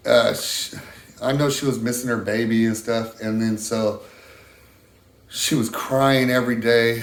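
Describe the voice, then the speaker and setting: A middle-aged man telling a long, halting story in a casual interview, full of restarts. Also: mid-range voice, roomy sound. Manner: rambling, halting, many restarts. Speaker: interviewee, husband of a stroke patient.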